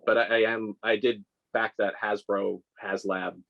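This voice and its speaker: A man in his forties talks in a loose, rambling way, circling back and restarting as he tells stories. His voice sits a little low, and he often makes fun of himself. It is a casual, conversational interview. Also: level tone, measured pace, gravelly, dull audio. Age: 40s. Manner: rambling, self-deprecating storyteller with many restarts and laughs. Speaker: scale model maker, guest.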